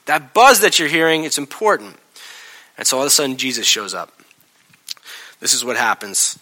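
A man preaching a sermon in a casual, chatty way, acting out scenes with lively voice changes. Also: mid-range voice, a little fast, pauses often. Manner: animated, acts out scenes with shifting voices; casual, chatty delivery with laughs. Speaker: pastor.

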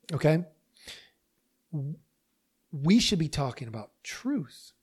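A man hosting a podcast delivers a monologue straight to his listeners. His manner is emphatic and animated. He talks the way someone would when making a persuasive case. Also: fairly high pitch, slow pace, long pauses, breathy edge. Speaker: podcast host. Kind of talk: opinion monologue.

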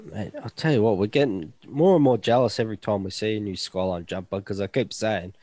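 A man's voice: lowish voice, brisk, mellow, no room sound. A man with an Australian accent co-hosting a podcast, talking in a blokey, slangy way with casual swearing. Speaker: podcast co-host. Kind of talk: casual chat.

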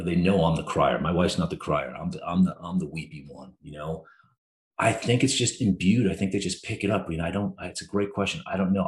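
A middle-aged male therapist, appearing as a guest, talks candidly about his own life in a conversation, his low voice earnest, emotionally open and reflective. The recording carries a roomy echo.

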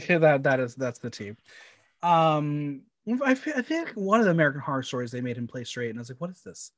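A man co-hosting a casual chat, talking quickly and stumbling into restarts. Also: fairly high pitch, big pitch swings, no echo. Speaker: podcast co-host.

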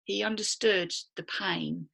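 A woman on a podcast with a husky, breathy voice and a gravelly fry underneath. She talks candidly and bluntly, in a loose conversational flow. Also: mid-range voice, slow pace, a bit bright. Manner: candid, chatty and blunt, swears freely. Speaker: podcast co-host. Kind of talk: casual podcast chat.

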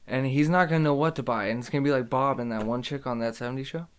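A man's voice: medium pitch, fast, clear, resonant tone. A man in casual chat who laughs often and trades playful banter.

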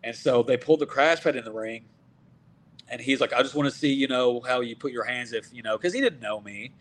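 A man from Texas, a wrestler in his thirties, telling stories in a casual, animated way and acting out what people said. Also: mid-range voice, brisk. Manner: animated, acts out quoted dialogue. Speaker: professional wrestler guest. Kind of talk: casual storytelling.

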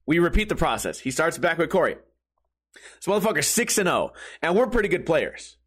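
Animated, foul-mouthed storytelling man. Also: on the high side, a little fast, breathy edge. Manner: profane, animated, laughs often. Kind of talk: casual comedic storytelling.

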